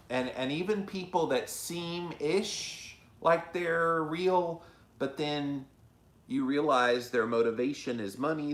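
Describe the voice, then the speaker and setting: Earnest low-voiced man, echoey room. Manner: earnest, emotional, confessional. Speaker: host. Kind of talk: casual talk to camera.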